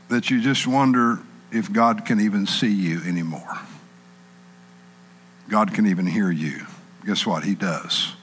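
Bright-voiced preacher in a reverberant hall. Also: male voice, on the low side. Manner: animated, acts out panicked people in a raised voice. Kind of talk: sermon.

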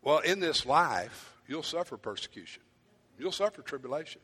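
A pastor preaching a sermon, animated and playful, acting out his congregation in asides. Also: a little high, normal speed, slightly rough. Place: church hall. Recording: church hall reverb.

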